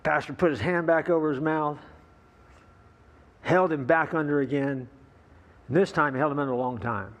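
A man preaching a sermon as pastor, telling a story in a folksy, relaxed way with fillers and asides to the congregation. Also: on the high side, moderate pace, pauses often.

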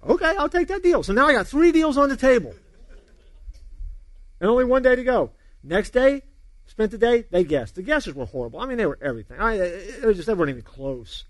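Middle-aged male pastor, high voice, very expressive storyteller, dry close sound. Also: fairly quick, no room sound. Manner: animated storyteller, acts out dialogue, laughs along. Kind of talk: sermon with a humorous personal story.

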